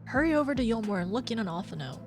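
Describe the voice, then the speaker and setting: A woman voicing an earnest, composed teenage girl, reading game lines in a calm, gently formal way. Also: on the high side, racing, music in the background. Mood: gentle.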